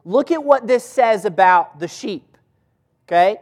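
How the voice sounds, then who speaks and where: High-voiced pastor teaching in a hall. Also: male voice, expressive, measured pace. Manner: asks the audience questions. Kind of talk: interactive Bible teaching.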